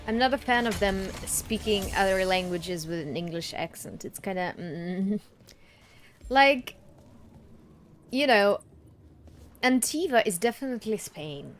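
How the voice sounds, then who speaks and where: Animated woman chatting over gameplay. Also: medium pitch, a little slow, long pauses. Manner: chatty, reacts aloud, swears casually. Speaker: let's play gamer. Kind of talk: casual gameplay commentary.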